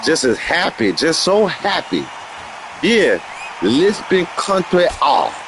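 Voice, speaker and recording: A man hosting a gaming livestream, with rambling, slangy, excitable trash talk as he comments casually. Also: a little high, takes it slowly, crowd noise, noisy background.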